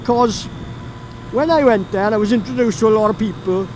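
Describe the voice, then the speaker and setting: A man's voice: sits high, moderate pace, darkish tone, a little hiss or hum, poor audio. A man from Llanelli with a Welsh accent, telling a rambling story while riding his motorbike and laughing often. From Wales. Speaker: motorcycle vlogger. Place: on a moving motorbike outdoors.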